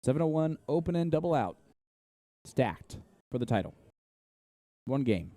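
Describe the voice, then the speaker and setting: A man's voice: medium pitch, big pitch swings, normal speed, warm tone, no echo. A man from Indiana with an Indiana accent giving casual, analytical play-by-play commentary on a live darts match.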